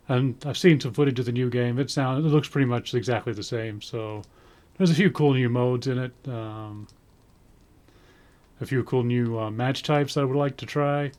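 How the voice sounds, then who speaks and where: A man's voice: mid-range voice, darkish tone. A man giving a casual spoken review in a rambling way, full of ums, with dry sarcastic asides. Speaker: wrestling show reviewer.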